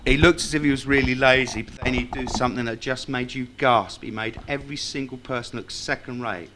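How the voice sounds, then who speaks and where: A man's voice: mid-range voice, fairly even intonation, fairly quick, background noise. A man speaking at a tribute evening, reciting a tribute poem and telling wry, self-mocking anecdotes to a live audience. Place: club function room with live audience.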